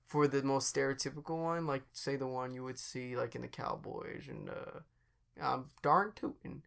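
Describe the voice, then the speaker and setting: A male podcast co-host with a gravelly, fry-edged voice. He rambles as he thinks aloud and pauses often to search for words. His pitch is ordinary for a man. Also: little pitch movement. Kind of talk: casual chat.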